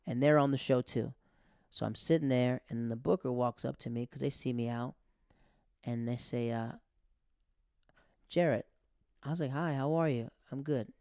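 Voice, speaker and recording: A man's voice: mid-range voice, vocal fry, darkish tone, dry recording, clean studio sound. A man hosting his own podcast, a stand-up comic telling a loose, slangy story full of quoted dialogue. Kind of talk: casual storytelling monologue.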